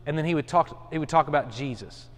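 Talking fast in a slightly high voice, a man in his forties who is a pastor teaches a Bible study. He's casual and earnest, full of restarts and fillers, and the recording carries a long hall reverb.

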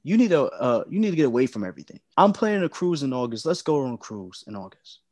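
A man in a podcast conversation tells his story with lively swings in pitch. He acts out past conversations as he goes. His voice sits mid-range and sounds close and dry, with no room around it. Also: quick pace, no echo. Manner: emotional, animated retelling with quoted dialogue. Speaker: podcast guest.

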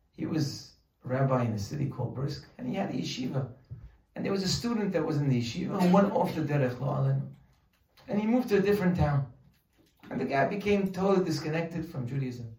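A man teaching a Torah class, animated and acting out the people in his stories. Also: mid-range voice, recorded from a distance. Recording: echoey room, voice from off the mic.

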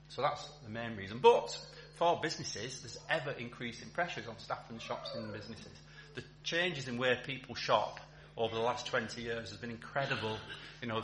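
A man giving a chatty church talk as a town centre chaplain, with many ums and restarts. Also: medium pitch. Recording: echoey hall with faint hum.

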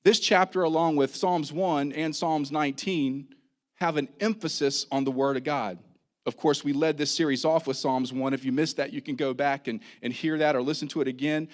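A man preaching a sermon in church, with an emphatic delivery that rises and falls, and leading a prayer. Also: a little high. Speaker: pastor.

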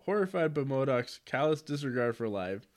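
A man's voice: medium pitch, big pitch swings, moderate pace, a little mellow. A man co-hosting a casual comic-book podcast, reading out plot points with dry, wry jokes. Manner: dry, wry remarks, laughs while reading out the story. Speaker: podcast co-host. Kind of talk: casual chat recapping comics.

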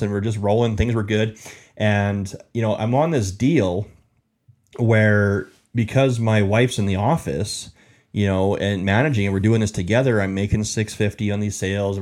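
A man's voice: on the low side, darkish tone. A man telling his life story as an interview guest, rambling with lots of fillers and repeats.

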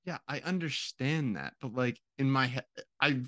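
A man's voice: mid-range voice, normal speed, fairly bright tone, no echo, studio quality. A young man chatting casually with friends on a podcast, rambling as he explains himself. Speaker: podcast co-host. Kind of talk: casual chat among friends.

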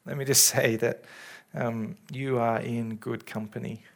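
A man preaching in a church, speaking as a pastor in an earnest, caring way with halting restarts, into a stage microphone. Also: mid-range voice, flat delivery, gravelly. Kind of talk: sermon. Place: church service. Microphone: handheld or stage microphone.

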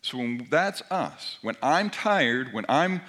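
A middle-aged man preaching a sermon, moving between soft near-whispered lines and forceful emphatic passages. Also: mid-range voice, big pitch swings, takes it slowly. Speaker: pastor.

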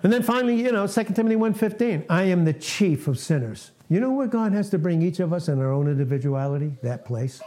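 A man's voice: high-pitched, expressive, quick pace, few pauses, warm tone. A man in his late sixties giving an informal, earnest sermon to a small fellowship. He talks in a folksy, self-deprecating way and repeats himself. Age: 60s. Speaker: preacher.

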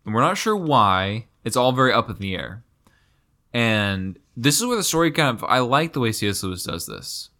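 A young man talks animatedly in a casual podcast chat. His voice is bright and swoops widely in pitch as he acts out characters' lines. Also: big pitch swings, normal speed. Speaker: podcast co-host. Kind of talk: casual book discussion.

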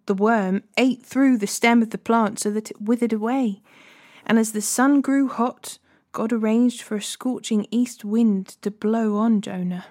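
A woman hosting a daily Bible challenge, reading scripture aloud in a steady, measured way. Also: medium pitch.

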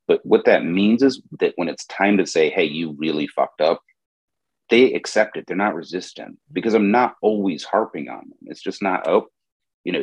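A man hosting a podcast, speaking in a measured, reflective way with frequent fillers. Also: rumbling low, husky, dry recording, muffled recording. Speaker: podcast host, operations consultant. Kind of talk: casual podcast conversation.

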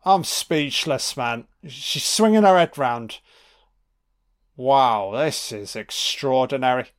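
A man giving a casual watch-along film commentary, full of excitable, profane reactions. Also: medium pitch, takes it slowly.

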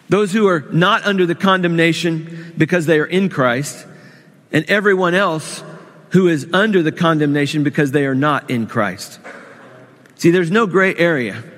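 Male preacher, higher-pitched, emphatic sermon delivery, big reverberant church sound. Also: fairly bright tone. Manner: emphatic, repeats words for stress, prays aloud. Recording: long reverb of a large hall.

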